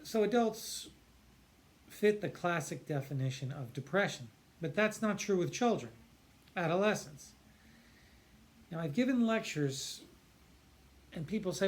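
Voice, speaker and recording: Earnest psychiatrist man, slightly high voice. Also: expressive. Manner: earnest, emphatic, with restarts and drawn-out stresses. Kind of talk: explanatory talk to camera.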